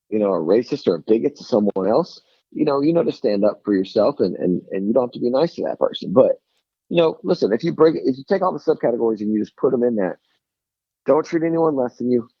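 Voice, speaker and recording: Male guest on a call-in, husky, dry, lo-fi line, earnest rambler. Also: mid-range voice, lively intonation, fast talker, dry recording. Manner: rambling, earnest, peppered with "you know" and "like". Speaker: guest calling in. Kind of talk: casual phone interview. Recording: dull lo-fi phone call.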